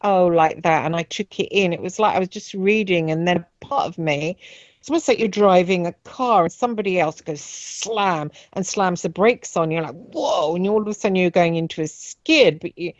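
A woman guest on a radio show, recounting a personal experience in a halting way as she searches for words. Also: on the low side, no room sound, muffled recording.

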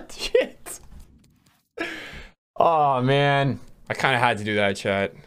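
Slow and mid-range, a young man's voice comes through with a clean tone. He's a gaming streamer on a football video game who talks to his chat casually and excitably, swearing frequently.

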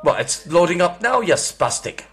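A man in his sixties with an Australian accent, baiting a scam caller with crude, mocking insults and sudden furious shouting. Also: sits high, very animated, moderate pace. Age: 60s. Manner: foul-mouthed, mocking, bursts into furious shouting. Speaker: scam baiter. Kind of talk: crude prank call.

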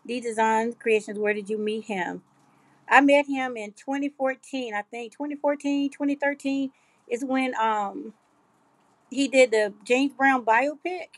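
A middle-aged woman's high-leaning voice moves at a measured pace in a dry recording. She hosts a live craft stream, reading comments and chatting casually with viewers.

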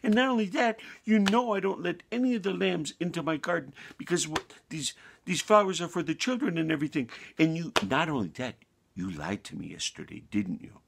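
A man's voice: fairly high pitch, animated, brisk, vocal fry, background noise, pitched above the performer's own voice. A man doing a stern, kindly shepherd. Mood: scolding. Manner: earnest, scolding yet gentle.

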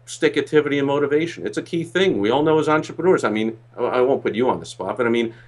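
Male business coach, interview guest, animated storyteller. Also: medium pitch, fast talker. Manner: animated, acts out quoted voices.

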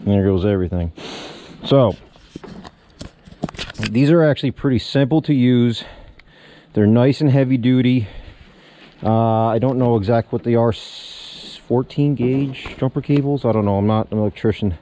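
A man in a casual how-to vlog, explaining step by step in a relaxed way while he works on his truck outdoors. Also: mid-range voice, normal speed, pauses often, slight background noise. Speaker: small business owner showing a truck equipment setup.

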